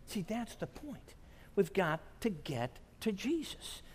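A man's voice: high-pitched, very animated, slow, a little mellow, husky, big-room sound. A man preaching a sermon at a conference, telling stories and chuckling often. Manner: storytelling with frequent chuckles. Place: large conference hall.

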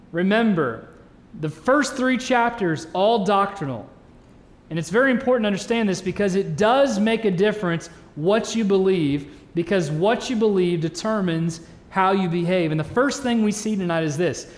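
A man's voice: sits high, moderate pace. A man in his thirties, a pastor, preaching a sermon in a church hall in an earnest, conversational way with joking asides. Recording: reverberant church hall sound.

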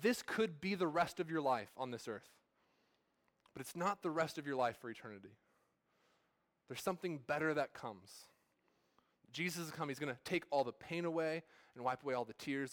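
A man's voice: on the high side, a bit bright. A man in his thirties, a pastor, preaching a sermon at a church service in a casual, storytelling way full of fillers and restarts.

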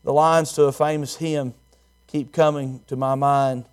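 A man's voice: mid-range voice, level tone, unhurried, darkish tone, smooth. A man preaching a sermon, repeating key words emphatically and telling a personal story.

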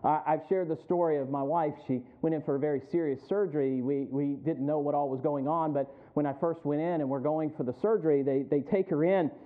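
Middle-aged pastor guy preaching, tells stories then gets loud, tinny like a phone line. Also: fairly even intonation, a little fast, hardly any pauses. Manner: storytelling that builds to loud, high preaching. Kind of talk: sermon.

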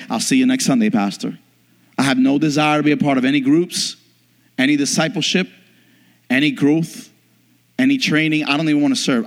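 A man preaching a sermon as pastor, emphatic, with frequent rhetorical questions to the congregation. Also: a little high. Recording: long hall reverb.

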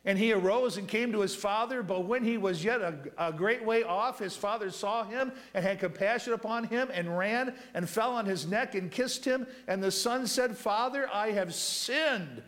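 A man preaching a sermon who reads scripture slowly, calls on the congregation to fill in words, and swings between loud raised passages and quiet asides. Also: high voice. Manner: asks the congregation to finish verses with "what?"; reads scripture in slow drawn-out phrases. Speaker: pastor.

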